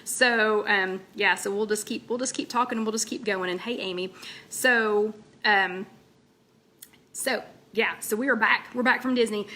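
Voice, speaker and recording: A woman's voice: medium pitch, measured pace, bright, forceful tone. A woman hosting a casual live-stream chat, rambling and greeting viewers mid-sentence. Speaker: host of a weight-loss chat livestream.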